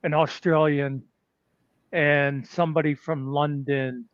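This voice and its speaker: A man's voice: a little high, level tone, takes it slowly, no room sound. A man co-hosting a casual chat, rambling with fillers and chuckling often. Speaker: podcast co-host. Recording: slightly muffled dry audio.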